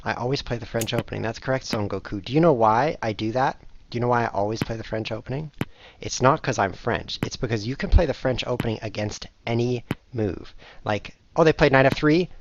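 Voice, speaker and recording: A man hosting his show, commentating live on his own online blitz chess games in a jokey, self-mocking way with sudden excited outbursts. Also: medium pitch, a little fast, lo-fi sound, a little hiss or hum. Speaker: chess streamer and show host.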